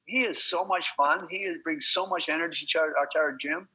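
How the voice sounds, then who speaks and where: Husky, energetic man raving about a gym. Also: a little high, normal speed, rough recording. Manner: enthusiastic, energetic. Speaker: gym trainer. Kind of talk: excited anecdote in a podcast talk.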